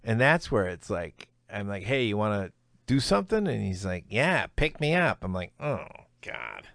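Gravelly, animated male storyteller. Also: lowish voice, moderate pace, no room sound, clean studio sound. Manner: animated storyteller, acts out quotes, laughs mid-sentence. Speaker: comedian guest. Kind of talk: casual storytelling interview.

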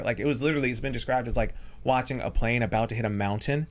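A man telling an animated, comic anecdote on a talk show, acting out the quoted voices. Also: mid-range voice, very fast. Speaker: guest storyteller.

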